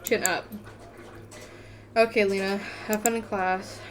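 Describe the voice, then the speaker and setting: A loyal, kind schoolgirl friend in a story game, read by a woman in her own voice, speaking in a plain, reassuring way. The voice sits at a middle pitch, with faint hiss behind it. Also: level tone, unhurried, natural voice.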